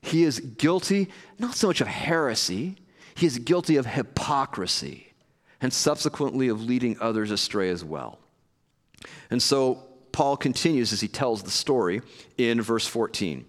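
A man's voice: medium pitch, lively intonation, normal speed. A man preaching a sermon in a casual, conversational way, acting out scenes with playful asides. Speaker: pastor. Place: church hall with live audience. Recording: long hall reverb.

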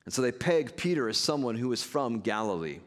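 A man preaching a sermon as pastor, earnest and measured with conversational asides. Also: mid-range voice, very animated, long reverb tail.

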